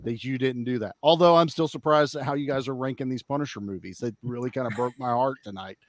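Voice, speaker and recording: A man's voice: medium pitch, quick pace, no room sound, clean studio sound. Enthusiastic, foul-mouthed man in a podcast chat. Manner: enthusiastic, swears freely. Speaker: podcast guest. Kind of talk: casual chat.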